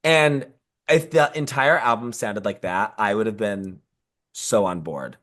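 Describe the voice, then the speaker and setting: A woman's voice: a bass voice, unhurried, fairly bright tone. A woman co-hosting a pop music podcast in casual chat, talking enthusiastically with lots of fillers. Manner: chatty, enthusiastic, many fillers. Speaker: podcast co-host.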